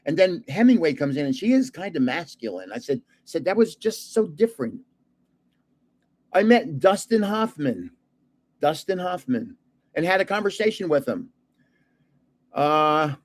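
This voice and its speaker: Older man telling chuckling anecdotes. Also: fairly high pitch. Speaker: card channel host. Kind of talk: casual storytelling chat.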